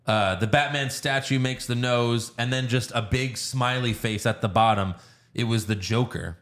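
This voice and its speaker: Brief: male podcast host, casual, excitable storyteller, mid-pitched voice. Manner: animated, profane storytelling with quick voice impressions. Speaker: podcast host recapping a film. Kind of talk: casual chat.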